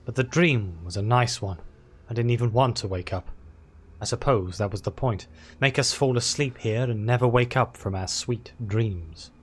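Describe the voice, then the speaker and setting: A man voicing a gruff bearded male clan war chief in a fantasy game, speaking low and weary. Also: normal speed, natural voice. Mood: wistful.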